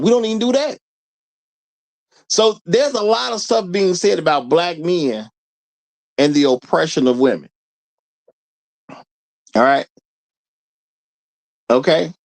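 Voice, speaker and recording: A man's voice: high voice, darkish tone. A man hosting a live stream, talking casually, laughing often and repeating lines for emphasis while firing rhetorical questions at his audience. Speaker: show host.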